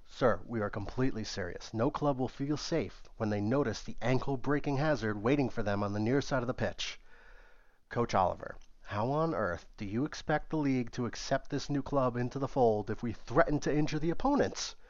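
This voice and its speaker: A man narrating a comedy sketch and voicing several characters, shifting his pitch for each one. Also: fairly quick, no room sound. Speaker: comedic storyteller. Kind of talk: comic sketch narration with put-on voices. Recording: dull, muffled dry recording.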